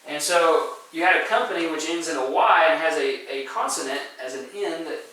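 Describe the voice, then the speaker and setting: A man's voice: a little high, fairly quick, bright, forceful tone, a little hiss or hum. Man teaching in a very echoey room. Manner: patient, explains step by step with frequent "okay?" and "right?" checks. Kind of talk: spelling lesson to students. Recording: very echoey room, voice from far off the mic.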